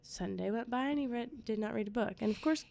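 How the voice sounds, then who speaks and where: A woman's voice: fairly high pitch, quick pace, vocal fry, darkish tone. A woman in her thirties telling a long family story in casual chat, acting out the lines of everyone in it. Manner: chatty storytelling, acts out quoted exchanges.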